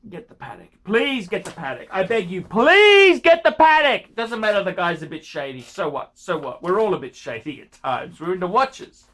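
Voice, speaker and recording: A man's voice: high voice, expressive, fairly quick, few pauses, fairly bright tone. A man giving watch-buying advice in a casual rant, pushy and pleading, repeating himself and throwing in crude jokes.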